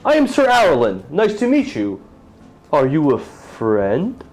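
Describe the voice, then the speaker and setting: A man's voice: a little high, wildly swooping pitch, takes it slowly, darkish tone, voice pushed up, exaggerated voice, low-quality recording. A man voicing a pompous, boastful male human knight in a tabletop role-play game, speaking in a grand, self-important way.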